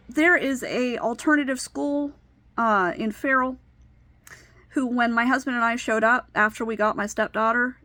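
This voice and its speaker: A woman's voice: on the high side, sharp tone, no room sound. A woman in her thirties telling a personal story with emotional, indignant retelling. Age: 30s. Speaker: vlogger.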